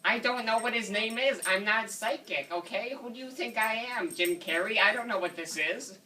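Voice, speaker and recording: A man's voice: high-pitched, moderate pace, bright, forceful tone. A man doing a fussy indignant father on a prank call. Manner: rambling, indignant, keeps saying sir. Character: fussy indignant father complaining to a store manager. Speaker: prank caller. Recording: distant mic with faint noise.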